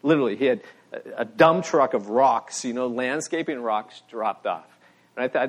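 Middle-aged pastor preaching with animated storytelling. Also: male voice, mid-range voice, normal speed. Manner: animated storytelling, voice rising for emphasis. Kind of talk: sermon.

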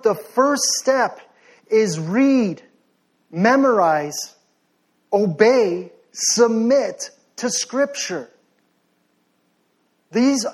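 A young man preaching a sermon with passion, swinging between forceful exhortation and sheepish, joking asides. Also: extremely high pitch. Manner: passionate, rising to near-shouting then softening to sheepish asides.

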